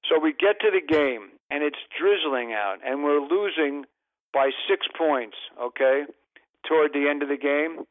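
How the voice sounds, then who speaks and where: A man's voice: on the high side, animated, measured pace, dry recording, narrow, tinny audio. A man telling long comic anecdotes as a podcast guest, rambling and interrupting himself. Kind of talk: casual storytelling.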